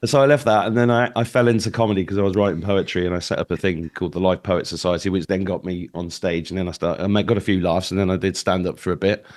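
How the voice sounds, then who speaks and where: Deep-voiced man telling rambling stories. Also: steady tone, quick pace, hardly any pauses, a little mellow. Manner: rambling, hesitant storytelling with many fillers. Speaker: guest. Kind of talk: casual interview chat.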